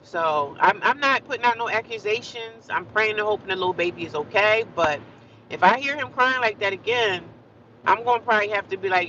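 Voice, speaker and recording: A woman's voice: mid-range voice, lively intonation, a little fast, pushed and bright, muffled recording, a little hiss or hum. A woman vlogging in a casual, rambling monologue, earnest and repetitive, with frequent asides to the viewer.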